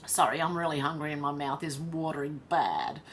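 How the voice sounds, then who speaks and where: Australian woman, livestream host; casual, giggly chat reader with a lowish voice. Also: a little fast, slight background noise. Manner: chatty, reads chat messages aloud, laughs often. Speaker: livestream host reading viewer comments.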